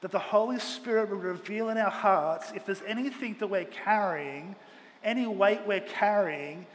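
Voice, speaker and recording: A pastor preaching a Sunday sermon with earnest, emphatic delivery, speaking in a church auditorium. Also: male voice, high-pitched, normal speed. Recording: long hall reverb, faint ambient noise.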